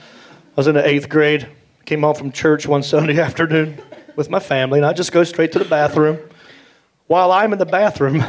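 A middle-aged man with a Southern US accent telling animated stand-up stories on stage, acting out the voices he quotes. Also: on the high side. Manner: animated, acts out voices, drawling. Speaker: stand-up comedian. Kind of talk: stand-up storytelling. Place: comedy stage. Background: audience laughter.

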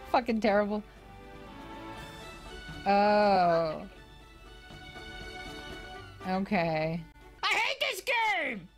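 A young woman streamer giving casual gameplay commentary, excitable and swearing often. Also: medium pitch, very slow, long pauses, soft background music. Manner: excitable, swearing, shrieks and laughs.

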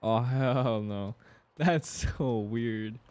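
Drawing out his words in a darkish, medium-pitched voice, a young streamer works through a horror game. He jumps at scares, cursing and laughing, cracks jokes, and reads in-game lines out loud.

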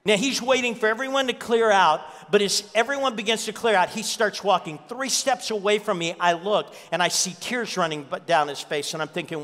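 A man with a high, ringing voice preaches to his church, telling stories and hammering points home by repeating them. His voice carries a long reverb through the hall. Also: moderate pace, few pauses, sharp tone. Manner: storytelling preacher, repeats key lines for emphasis. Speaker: pastor. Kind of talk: sermon.

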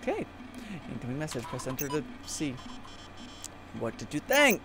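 A man giving casual let's-play commentary, excitable and crude, jumping from mumbled asides to loud joking outbursts. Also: fairly high pitch, moderate pace. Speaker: gaming video host.

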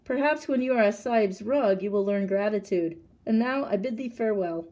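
A woman voicing a gentle, learned holy man who speaks in formal, dignified phrases. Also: mid-range voice, a little fast, close to an everyday voice.

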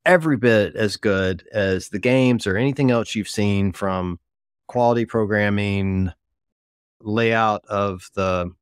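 A male podcast host talks in a relaxed, joking way and chats easily with his guest. His voice sits a little low. It comes across dry, with no room sound. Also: slow pace, clean tone, dry recording. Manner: joking, chatty. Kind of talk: casual interview chat.

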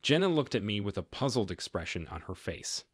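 A man's voice: lowish voice, big pitch swings, fairly quick, slightly rough, no echo, clean studio sound. A man narrating a first-person story in a plain, matter-of-fact way.

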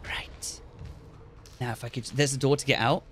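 A man giving excited commentary on a horror game while playing, swearing often and switching between low mutters and sudden yells. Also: normal speed, soft background music. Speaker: gaming video creator. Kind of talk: gameplay commentary. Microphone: gaming headset.

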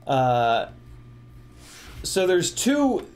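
A tipsy man in his forties hosts an FPV drone livestream, rambling through casual chat with profane rants and frequent laughter. His voice is high and darkish, swooping wildly in pitch at a very slow pace.

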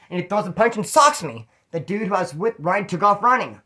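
A man's voice: high-pitched, fast talker, a bit bright. A man telling rambling, slangy, profane stories in a casual monologue. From California. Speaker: storyteller about prison life.

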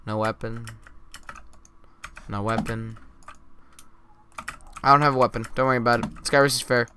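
A man giving jokey, mock-boastful live commentary while playing a game, with sudden loud outbursts. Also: medium pitch, steady tone, normal speed, a little hiss or hum. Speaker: gaming YouTuber.

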